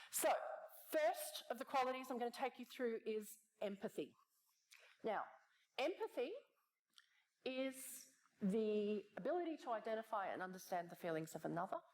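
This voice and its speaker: Lively woman keynote speaker, conversational and animated, mid-range voice. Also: mid-range voice. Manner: animated, conversational, frequent rhetorical "right?". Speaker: conference speaker. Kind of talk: keynote talk. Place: conference stage.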